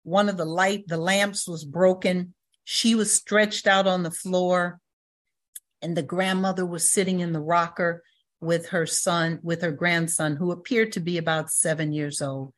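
A woman's voice: lowish voice, fairly even intonation, a little slow. An older woman giving a personal testimony talk at a recovery meeting, telling stories and acting out the voices in them. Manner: storytelling, acts out quoted voices, laughs.

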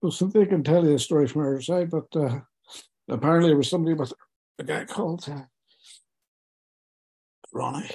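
A middle-aged man tells a personal story to an interviewer, candid and self-mocking, halting with fillers and close to tears. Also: fairly high pitch, mellow, husky. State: tearful.

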